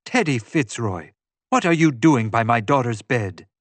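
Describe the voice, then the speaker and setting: A man voicing a startled, imperious mother who demands answers loudly, raising his pitch for her. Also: expressive, unhurried, no room sound. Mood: demanding. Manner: demanding, loud.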